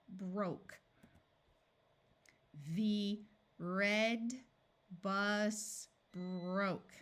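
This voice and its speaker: A woman reading tutor who works through words at an extremely slow, careful pace. She breaks each word into its sounds before blending them back together, in a patient teaching manner with a mid-range voice. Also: medium pitch, fairly even intonation, fairly bright tone.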